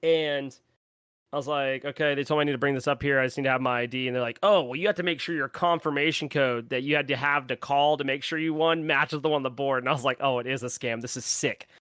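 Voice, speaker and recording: A man's voice: medium pitch, steady tone, fast, a bit bright, clean tone, no room sound, studio quality. A young man co-hosting a podcast, telling a story in casual chat and laughing as he acts out the people in it. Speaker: podcast co-host.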